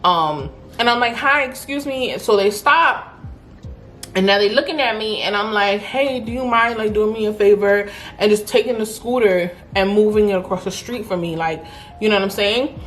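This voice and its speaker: A young woman spins a storytime tale straight to her viewers, slangy and emphatic, jumping into quick impressions of everyone she met along the way. Her voice sits at an ordinary middle pitch, and soft music hums faintly beneath her. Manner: animated, acts out quoted voices, slangy and emphatic. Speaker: beauty vlogger telling a story. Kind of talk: casual storytime while eating.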